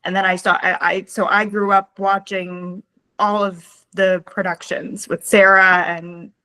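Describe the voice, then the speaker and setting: A young woman, a former theater camper, speaking on a video call, nervous, halting and near tears. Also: mid-range voice, level tone, pushed and bright. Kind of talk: casual video-call chat.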